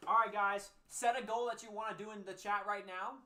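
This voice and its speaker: Young guy hosting a chill faith livestream, hypes up the chat, kinda high bright voice. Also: steady tone, a little fast. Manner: upbeat, reads chat aloud and answers it. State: out of breath after push-ups. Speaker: livestream host.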